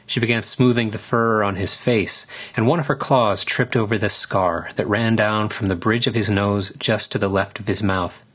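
A man reads a storybook aloud as narrator, with a low voice and a husky, breathy grain. His delivery is measured and steady, in scripted narration. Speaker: audiobook narrator.

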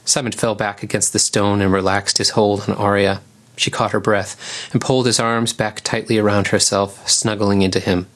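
A man with a fairly low voice reads an audiobook story, calm and measured, steady from line to line. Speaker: narrator. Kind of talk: audiobook narration.

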